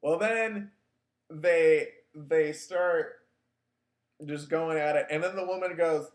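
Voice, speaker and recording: A man's voice: on the high side, slow. A man hosting a show, telling a personal story in a casual, wry, self-mocking way, loose with filler words. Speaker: podcast host. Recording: echoey room.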